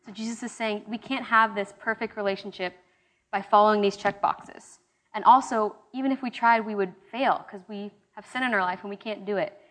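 A young woman leads a small-group Bible study, giving a casual, conversational sermon-style teaching full of fillers and restarts. Her medium-pitched voice is steady and fairly bright, moving a little fast.

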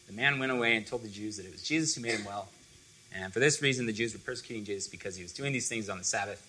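A man's voice: lowish voice, very fast, pushed and bright, rough recording. A young man giving a casual, conversational sermon to a student fellowship, full of "like" and loose asides. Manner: conversational, filler-heavy with frequent "like".

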